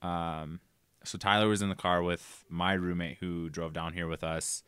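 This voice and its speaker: A young man from Minnesota, a guest on a podcast, telling stories in an animated, casual way with many fillers. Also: deep voice, normal speed, clean tone, no echo. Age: young adult. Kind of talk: casual chat.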